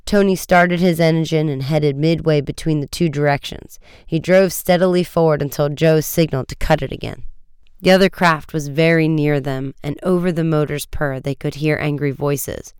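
A man narrating a storybook chapter in a steady, measured reading. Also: on the high side, smooth, no room sound, studio quality. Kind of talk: audiobook reading.

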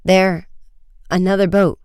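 A man's voice: sits high, little pitch movement, unhurried, a little mellow, clean tone, no room sound, clean studio sound, voice pushed up. A man voicing a firm, commanding teenage boy detective in a storybook reading. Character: quick-witted teenage boy detective Frank.

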